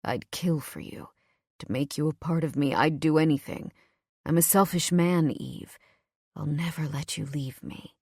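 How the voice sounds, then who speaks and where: A woman voicing an intense, possessive young man in an audiobook, in a low, murmured, earnest way. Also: fairly even intonation, measured pace, gravelly, darkish tone, dry recording, studio quality, heavily acted. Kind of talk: audiobook character voice.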